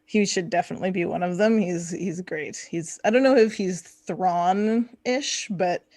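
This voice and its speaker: A woman's voice: fairly low pitch, unhurried, darkish tone, no echo. A woman chatting playfully on a live gaming stream and laughing often while she answers questions. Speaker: guest streamer from a gaming channel. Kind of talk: casual stream chat.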